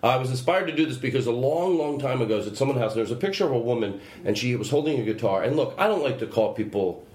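A man's voice: mid-range voice, animated, rapid-fire, a little mellow. A man hosting a podcast in casual chat, telling a story in a rambling way that keeps interrupting itself. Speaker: podcast host. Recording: roomy with faint background noise.

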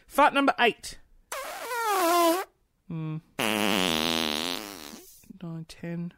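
A woman with a lowish, fairly bright voice hosts a casual livestream, speaking animatedly and drawing out her words. She's chatty and playful as she reads viewer comments, giggling, gasping, and tossing in little asides.

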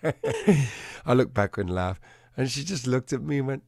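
A man, a dog trainer, telling a story in an animated way and acting out the quotes in a changing voice. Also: medium pitch, unhurried, pauses often, dry recording, studio quality. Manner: animated, acts out quotes in a shifting voice. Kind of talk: conversational storytelling.

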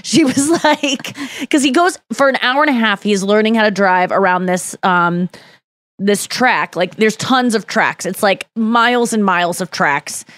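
A woman's voice: mid-range voice, measured pace, a bit bright, dry recording, clean studio sound. Rambling, self-deprecating woman podcast host. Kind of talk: casual storytelling chat.

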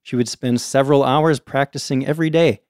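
A man's voice: mid-range voice, fairly even intonation, a little fast, darkish tone, clean tone, no room sound, clean studio sound. A man hosting a casual show, reading a folktale aloud and breaking off for chatty asides to his co-host. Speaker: storyteller host.

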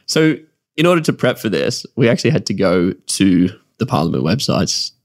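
A man co-hosting a business podcast, talking in an animated, chatty way and laughing often. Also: lowish voice, moderate pace, dry recording, clean studio sound. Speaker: podcast co-host. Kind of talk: casual business podcast chat.

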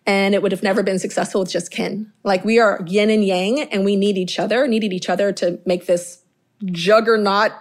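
A middle-aged woman talks as an interview guest, animated and chatty. Her voice sits at an ordinary middle pitch. She leans on "like" as she spins her stories. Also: moderate pace. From Inglewood, California. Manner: animated, chatty, full of "like" fillers. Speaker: guest, model and TV producer. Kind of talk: casual storytelling interview.

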